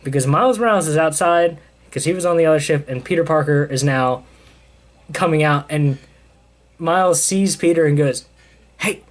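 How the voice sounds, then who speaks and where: A man's voice: fairly high pitch, normal speed. A young man casually recapping a comic in a loose, rambling way with lots of fillers. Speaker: comic book reviewer. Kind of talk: casual chat.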